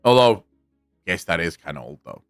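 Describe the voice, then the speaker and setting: A man's voice: deep voice, big pitch swings, normal speed, smooth, faint music behind. A South African man chatting casually on a live stream, rambling and swearing freely while he answers his chat. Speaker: game streamer.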